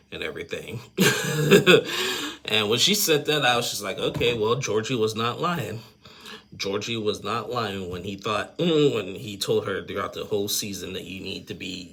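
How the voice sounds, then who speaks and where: A man's voice: sits low, gravelly, pushed and bright, husky. A man giving a casual, rambling, opinionated recap of a reality TV episode, full of fillers and little chuckles.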